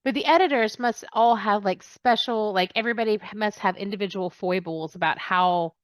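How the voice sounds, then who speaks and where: A woman's voice: medium pitch, normal speed, clean tone, no room sound. A woman from Texas whose accent carries an English tinge, hosting a casual interview in a bubbly, rambling way. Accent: American with an English tinge from years in England. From Texas, USA. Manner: bubbly, rambling, laughs often. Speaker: podcast host.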